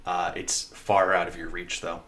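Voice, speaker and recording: A man narrating a tabletop game as game master, in a measured, descriptive way with many fillers. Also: low-pitched, little pitch movement, fairly bright tone.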